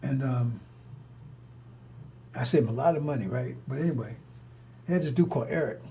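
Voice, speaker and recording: A man's voice: mid-range voice, brisk, mellow. An older man telling stories in a rambling monologue, blunt and confrontational, with frequent restarts and cursing. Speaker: storyteller.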